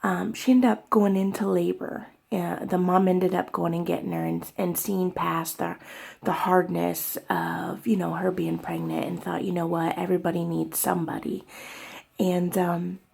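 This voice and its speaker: A young woman talking in an emotional personal vlog, halting and tearful, with many fillers and soft whispered stretches. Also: lowish voice, flat delivery, vocal fry, breathy edge. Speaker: vlogger.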